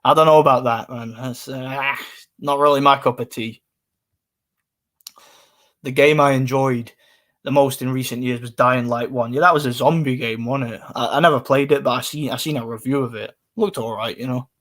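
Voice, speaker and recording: A man's voice: medium pitch, fairly even intonation, moderate pace, a bit bright. A man, casually chatting on a live stream and answering comments in a rambling way. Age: 20s.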